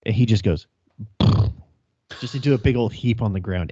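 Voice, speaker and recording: Man, low voice, cop storyteller, crude and laughing, dry lo-fi sound. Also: fairly quick, pauses often, mellow, dry recording. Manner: profane, laughing storyteller acting out radio calls. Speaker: podcast co-host, police officer. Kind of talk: casual storytelling chat.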